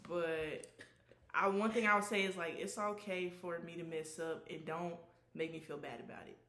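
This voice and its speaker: A woman's voice: on the low side, steady tone, moderate pace, sharp tone. A young woman guest in a casual chat, speaking earnestly and reflectively. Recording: echoey room.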